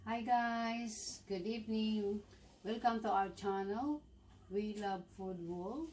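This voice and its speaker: A woman's voice: mid-range voice, slow pace, a little mellow, slight background noise, low-quality recording. A woman with a Filipino accent co-hosting a food show, speaking in short, simple phrases. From Philippines. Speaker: mukbang co-host. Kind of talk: casual food chat.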